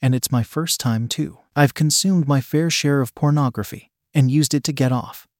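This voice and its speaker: A man's voice: mid-range voice, normal speed, a little mellow, dry recording, clean studio sound, natural voice. A man voicing a shy, eager young woman in a read-aloud story, in his own plain voice with a coy manner.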